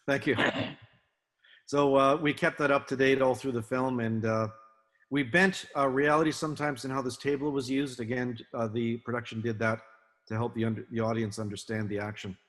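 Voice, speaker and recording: An older man giving an illustrated talk to an audience, relaxed and anecdotal, with many fillers and restarts. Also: medium pitch, moderate pace. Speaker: guest speaker, film naval advisor. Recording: long hall reverb.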